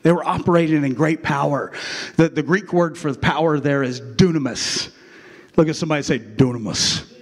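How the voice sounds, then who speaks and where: A pastor preaching a sermon in a chatty, joking way, calling on the crowd to answer back. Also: male voice, fairly high pitch, moderate pace. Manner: jokey, chatty preaching with call-and-response. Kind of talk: sermon with acted skit.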